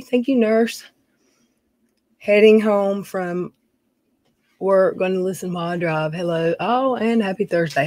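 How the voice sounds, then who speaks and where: A middle-aged woman with a drawl hosts a casual live stream from a dim room at home. She greets viewers by name and chats in a loose, folksy way. Her voice sits at an ordinary pitch and sounds dry and close to the mic. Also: darkish tone, dry recording. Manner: chatty, reads viewer names aloud, folksy.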